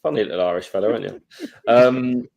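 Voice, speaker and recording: Low-voiced joking man. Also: brisk, creaky, darkish tone. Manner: joking, interrupting. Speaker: podcast co-host. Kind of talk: casual football fan chat.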